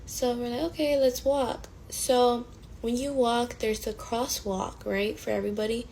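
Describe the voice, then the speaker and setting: A woman in her twenties telling a storytime in a casual, animated way, swearing often and full of fillers. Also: a little high, measured pace, gravelly, slight background noise, low-quality recording. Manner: profane, animated, frequent fillers.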